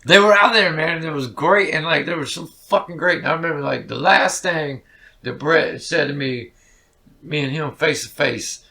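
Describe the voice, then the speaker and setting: A man's voice: a little high, moderate pace, vocal fry, sharp tone. A man, a musician guest telling rambling stories in a casual interview, full of swearing and fillers.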